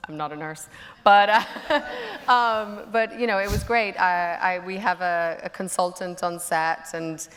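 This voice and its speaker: A woman's voice: on the low side, fairly even intonation, unhurried, a bit bright. A woman actress speaking on a stage panel, hesitant with many restarts. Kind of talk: casual panel chat. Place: large auditorium on stage. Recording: long reverb of a large hall.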